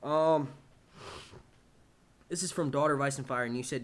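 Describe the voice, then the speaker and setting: A man's voice: medium pitch, normal speed. Chatty, profane male live-streamer. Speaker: vlogger answering viewer questions. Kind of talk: casual live-stream chat.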